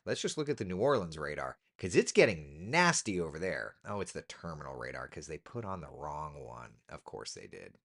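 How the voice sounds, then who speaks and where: A man, a TV meteorologist, chatting casually through the weather, relaxed and talkative with asides and fillers. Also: a bass voice, fairly quick, hardly any pauses. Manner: relaxed, chatty, thinking aloud with ums and asides.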